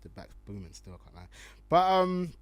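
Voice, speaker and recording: A man's voice: on the high side, big pitch swings, normal speed, no echo. A young man from the UK, hosting a casual solo podcast, slangy and laughing often as he reads out tweets. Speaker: podcast host.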